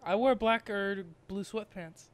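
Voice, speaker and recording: A man's voice: high voice, a little slow, clear, resonant tone, dry recording. A young man hosting a game series, chatting casually and joking drily while he plays.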